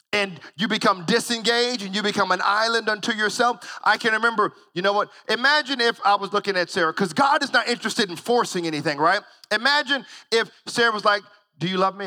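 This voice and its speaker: A middle-aged man preaching a sermon as pastor, building from calm storytelling into loud, shouted praise. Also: high-pitched, in a large hall.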